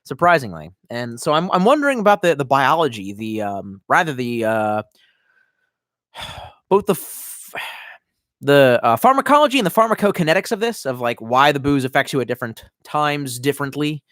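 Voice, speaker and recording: A man's voice: mid-range voice, very animated, normal speed, a bit bright, no echo, clean studio sound. A young man chatting casually on a live stream, reading comments aloud and rambling with lots of swearing while a bit tipsy from wine. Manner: rambling, profane, reads chat aloud.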